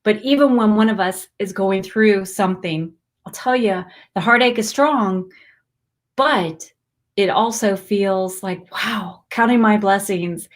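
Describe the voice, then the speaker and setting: Woman, forties, livestream host, heartfelt, rambling, excited greetings. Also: medium pitch, unhurried. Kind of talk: emotional live stream chat.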